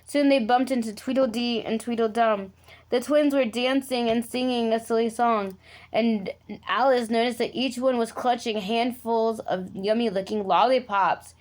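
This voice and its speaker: A woman reads a children's storybook aloud in a relaxed, casual way. Her voice sits a little above average, and she drops chatty asides between the lines. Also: a little high, moderate pace.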